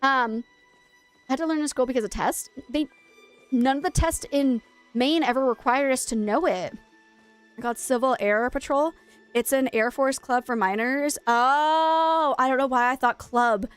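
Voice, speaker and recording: A woman's voice: high-pitched, moderate pace, clean tone, soft background music. A young woman streamer chatting casually while gaming, telling a rambling, self-mocking story.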